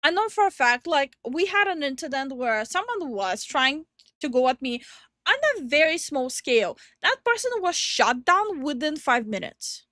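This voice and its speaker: A young woman with a high, bright voice chats through a reaction stream, giggling often and talking in animated bursts. The sound is close and dry, with no room around it. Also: no room sound. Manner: giggly, animated, quick to laugh. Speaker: VTuber co-host. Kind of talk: casual reaction commentary.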